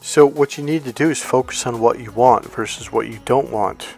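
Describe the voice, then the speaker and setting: Calm, soothing male life coach. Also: medium pitch, gravelly, faint music behind. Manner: calm, soothing, unhurried delivery; addresses viewers directly as coach. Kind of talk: motivational self-help talk.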